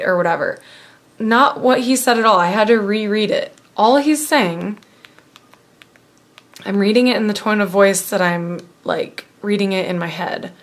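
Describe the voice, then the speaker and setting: A woman's voice: mid-range voice, fairly even intonation, measured pace. A young woman telling a casual personal story to camera, rambling and full of fillers. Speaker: vlogger.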